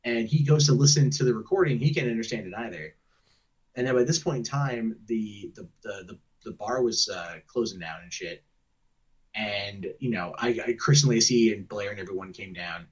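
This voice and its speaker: A man's voice: fairly low pitch, moderate pace, husky. A man telling a long story on a call in a rambling, profane way, often mimicking what others said. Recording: muffled distant secretly recorded call.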